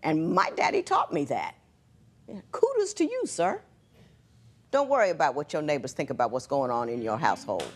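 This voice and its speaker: A woman's voice: sits low, very animated, fairly quick, breathy edge. A middle-aged woman presiding as judge on a courtroom TV show, stern and lecturing.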